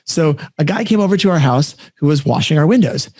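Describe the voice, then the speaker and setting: A man hosting a podcast, telling an animated, self-deprecating story in casual chat, full of "like". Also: on the high side, brisk, no echo, clean studio sound. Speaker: podcast host.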